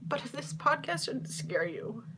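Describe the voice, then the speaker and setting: A tearful young woman hosts a confessional solo podcast, her voice cracking. She talks slowly in halting, confiding stretches, pitched a little high. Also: big pitch swings, noisy background. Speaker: podcast host.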